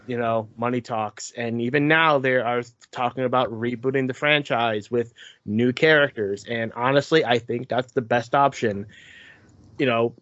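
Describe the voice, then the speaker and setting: A man's voice: medium pitch, a bit bright, no echo, muffled recording. Candid laughing male podcast co-host. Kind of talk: casual chat.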